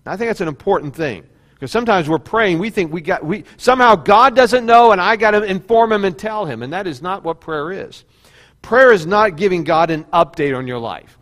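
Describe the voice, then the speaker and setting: A man's voice: high voice, a little fast, fairly bright tone, big-room sound. A male pastor giving a sermon in a conversational preaching style, now and then acting out quoted prayers. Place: church sanctuary.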